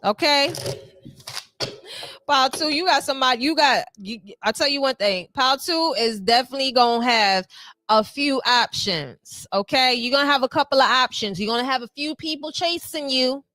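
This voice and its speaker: A woman's voice: high-pitched, moderate pace, bright, forceful tone, dry recording, studio quality. A woman giving a tarot reading to her viewers, sassy and playful, full of slang and little acted-out quotes. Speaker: tarot reader.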